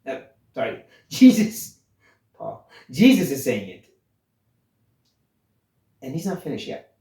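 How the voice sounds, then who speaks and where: Earnest male Bible teacher, blunt, stumbling restarts; mellow tone, roomy echo. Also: fairly high pitch, huge pitch swings, slow. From Canada. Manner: earnest, blunt, with frequent restarts and emphatic stresses. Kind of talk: sermon-style Bible teaching.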